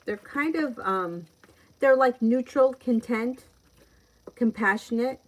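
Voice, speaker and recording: A woman's voice: on the high side, slow, a little hiss or hum, poor audio. A middle-aged woman with a New York accent, chatting through a live-stream tarot reading and laughing often as she reads out viewers' questions. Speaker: tarot reader.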